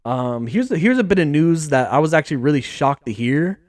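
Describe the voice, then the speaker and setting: A man hosting a sports podcast, talking in a casual, excitable, rambling way full of slang. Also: fairly high pitch, fairly quick, dry recording. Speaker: podcast host.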